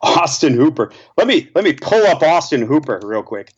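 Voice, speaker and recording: A man co-hosting a podcast as a stats analyst, measured and hesitant with many fillers. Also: a little high, very animated, slightly rough, dull audio. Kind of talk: casual podcast discussion.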